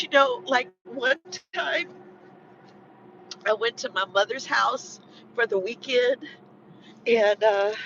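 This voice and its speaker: A vlogger in an emotional personal chat, talking in a rambling, halting way, full of "you know" and restarts. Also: mid-range voice, pushed and bright, a little hiss or hum. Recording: muffled lo-fi recording.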